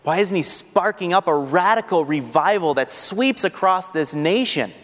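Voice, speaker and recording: Male pastor, earnest sermon delivery, slightly high voice, long hall reverb. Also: animated, moderate pace, a bit bright. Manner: earnest, rising to fervent rhetorical questions.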